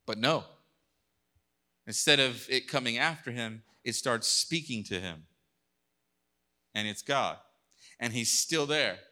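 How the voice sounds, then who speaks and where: A male pastor preaching a sermon, reading scripture aloud and acting out God's lines, moving between hushed passages and loud bursts. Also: mid-range voice, slow pace, long pauses.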